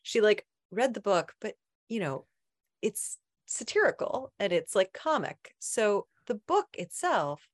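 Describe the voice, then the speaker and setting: A woman's voice: mid-range voice, sing-song, measured pace, no room sound, studio quality. Giggly woman sharing memories. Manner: giggly, self-deprecating storyteller. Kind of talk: casual chat.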